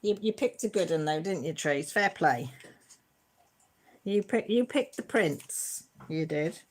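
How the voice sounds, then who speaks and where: A woman from Britain hosting a casual live chat from home. She reads viewer comments aloud in a playful, easily excited way. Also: fairly low pitch, a little slow, husky. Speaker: livestream host.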